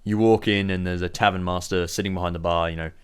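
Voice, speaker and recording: Low-voiced man running a tabletop game. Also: steady tone, fast, clear, resonant tone. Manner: casual, swearing, laughs often. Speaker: game master.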